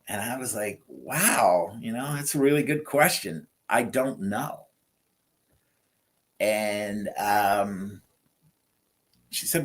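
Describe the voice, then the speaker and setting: A middle-aged man telling his story in an interview, animating the quoted dialogue with lively jumps in his voice. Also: lowish voice, slow pace. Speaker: guest sharing transplant story.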